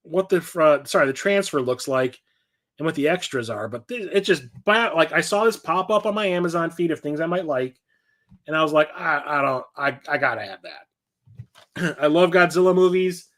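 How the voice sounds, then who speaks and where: A man's voice: fairly high pitch, a little fast, a bit bright. A middle-aged man chatting casually about his new movie purchases, rambling and enthusiastic. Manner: enthusiastic and rambling, quoting movie lines with laughs. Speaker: host of a physical media collection show.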